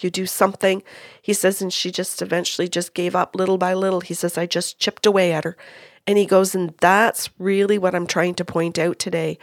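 In a dry, studio-quality recording, a woman with a mid-range voice casually tells the story of a reading she did as a medium. She quotes what people said and restarts her sentences often.

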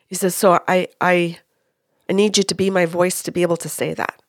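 Woman, lowish voice, medium telling a story, quotes others, halting restarts, dry close sound. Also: little pitch movement, no room sound. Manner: retells dialogue in quotes, many restarts. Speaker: medium recounting a reading. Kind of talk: casual storytelling.

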